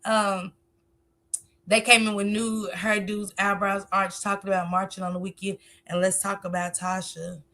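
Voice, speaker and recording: A woman's voice: mid-range voice, level tone, normal speed, bright, forceful tone. A woman hosting a casual live stream, talkative, reading viewer comments aloud and answering them.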